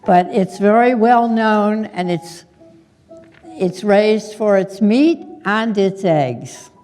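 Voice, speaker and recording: A woman's voice: mid-range voice, slow pace, a little mellow, faint music behind. Woman puppeteer in a reverberant hall. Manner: chatty, explaining, scolding a puppet in fun. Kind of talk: live puppet show narration.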